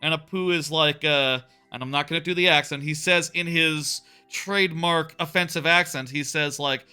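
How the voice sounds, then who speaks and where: A man's voice: fairly high pitch, steady tone, moderate pace, few pauses, sharp tone, smooth. A man in his thirties chatting casually while live-streaming a game, rambling with many fillers and restarts. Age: 30s.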